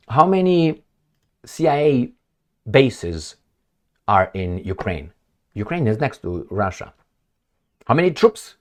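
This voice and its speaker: A man giving casual political opinion commentary in an animated, rhetorical, sarcastic manner. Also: on the low side.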